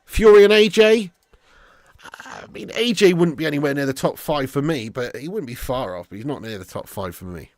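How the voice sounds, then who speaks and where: A man's voice: fairly high pitch, lively intonation, brisk, no room sound, studio quality. A man hosting a live football watch-along, chatting casually with his viewers and swearing freely. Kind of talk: live stream commentary and chat.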